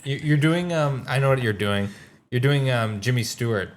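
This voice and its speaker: A man co-hosting a casual podcast, dry and teasing, throwing in quick jokes. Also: medium pitch. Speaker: podcast co-host. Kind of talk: casual chat.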